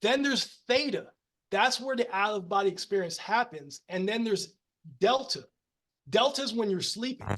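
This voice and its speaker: High voiced american guy on a podcast, animated, lots of restarts and laughs. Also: normal speed. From United States. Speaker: podcast guest. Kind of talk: casual storytelling conversation.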